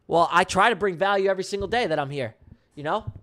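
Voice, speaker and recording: Talking at a quick pace in a high-pitched, fairly bright voice, a man hosts live-streamed trading commentary. He's blunt and heated, cursing freely and repeating lines to drive his point home.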